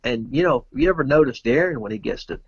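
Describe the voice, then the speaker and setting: A middle-aged man from Georgia, telling a rambling, animated story as a guest in a casual interview. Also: medium pitch, fast, husky, no echo, lo-fi sound. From Georgia, USA. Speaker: guest, pro pool player.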